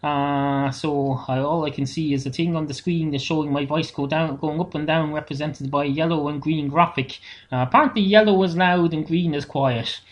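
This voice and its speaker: A man's voice: a little high, moderate pace. Irish man, dry meandering solo comic, lots of "uh"s, home recording. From Ireland. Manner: deadpan, meandering, frequent "uh" fillers. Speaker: comedic monologist. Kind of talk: rambling solo comedy monologue. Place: home setup. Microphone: self-recorded into editing software on a computer, no monitoring.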